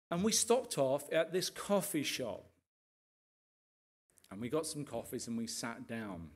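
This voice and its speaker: A man, a pastor, giving a lively sermon testimony full of asides to his listeners and passionate outbursts. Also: mid-range voice, a little slow, pauses often. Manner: animated storytelling, rising to impassioned rants with frequent asides to the audience.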